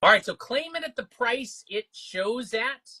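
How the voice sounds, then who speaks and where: A man hosting a live comic book sale stream, upbeat and full of quick banter. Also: very high voice, animated, sharp tone, husky. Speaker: livestream auction host. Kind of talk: live sales stream chatter.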